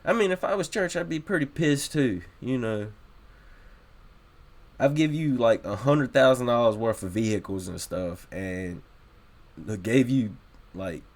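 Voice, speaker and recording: A man with a fairly low voice hosting a reaction video. He talks casually and bluntly, and he sounds exasperated by what he watches.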